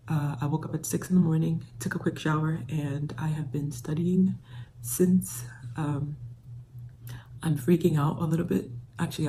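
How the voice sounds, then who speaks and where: A woman's voice: low-pitched, mellow, a little hiss or hum, poor audio. A young woman in her twenties talking to camera about law school finals, anxious and rambling with many fillers. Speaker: law student vlogger. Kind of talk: casual vlog talk to camera.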